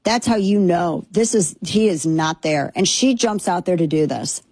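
A woman's voice: on the low side, moderate pace, darkish tone, husky, dry recording. A woman hosting a political talk show, delivering a sarcastic, indignant monologue. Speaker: political commentary host.

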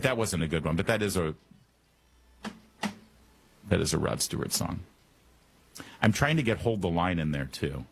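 A man's voice: on the low side, breathy edge. A man hosting a talk radio show, delivering a joking monologue full of wry asides and puns. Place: Washington, D.C. studio.

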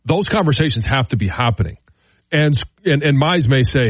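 A man's voice: mid-range voice, lively intonation, moderate pace, no echo. A man co-hosting a sports radio show, explaining his points thoughtfully and repeating words as he works through them. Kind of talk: casual sports talk.

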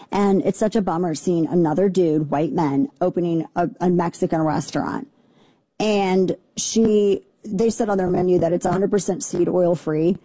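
A woman hosting a talk radio show, ranting sarcastically about the news with quick asides. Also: on the low side, dark tone, slightly rough, dry recording. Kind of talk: opinionated political talk radio.

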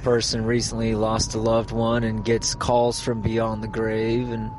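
A man's voice: lowish voice, completely flat delivery, measured pace, background noise. A man calling in to a radio show, leaving a rambling message full of fillers. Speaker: caller. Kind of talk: phoned-in message.

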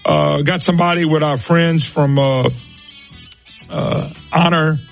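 A man's voice: a little high, steady tone, normal speed, vocal fry, faint music behind. A middle-aged man hosting a political talk radio show, ranting scornfully and firing off rhetorical questions.

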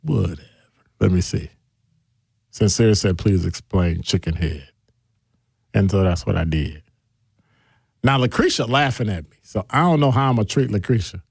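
A man's voice: fairly low pitch, expressive, normal speed, gravelly, long pauses, slightly rough, no echo, studio quality. A man hosting a call-in radio talk show, reading listener texts aloud with playful, teasing banter.

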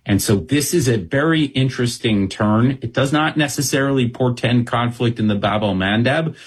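A man speaking as a guest analyst in an interview, talking quickly and steadily with frequent ums and uhs. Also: mid-range voice, breathy edge. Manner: fast, measured, with frequent um and uh. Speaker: Middle East analyst guest.

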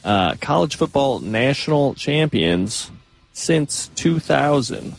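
A man's voice: medium pitch, big pitch swings, slow, creaky, low-quality recording. A man working as a show's video producer, speaking in an easygoing, laid-back way on a studio mic. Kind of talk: casual studio banter.

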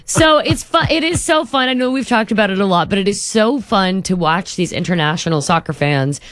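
A woman co-hosting a radio show in casual chat, reading out quotes with animated delivery. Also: mid-range voice, brisk, no echo, studio quality. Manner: chatty, reads quotes aloud with animated delivery.

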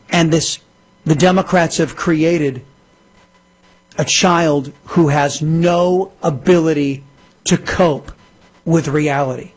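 A man hosting talk radio in a studio, hammering his points with indignant repetition. His voice sits a bit high and has a husky, slightly rough texture. He sounds emphatic throughout. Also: fairly even intonation, a little slow. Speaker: radio talk show host. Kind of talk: political talk radio monologue.

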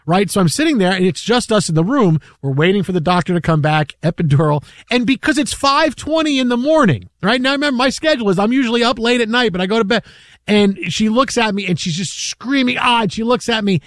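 A man in his forties hosting sports radio, telling an animated story and acting out the quotes. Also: sits high, quick pace, no room sound, studio quality. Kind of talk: casual sports talk.

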